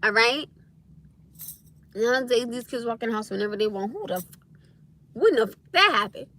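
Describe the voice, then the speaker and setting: A young woman talks straight to her livestream viewers in a high, bright voice, blunt and insistent. She leans on repeated phrases to hammer home each point, keeping the tone casual and unfiltered. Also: animated, moderate pace. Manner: blunt, emphatic, repeats catchphrases. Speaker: livestream host.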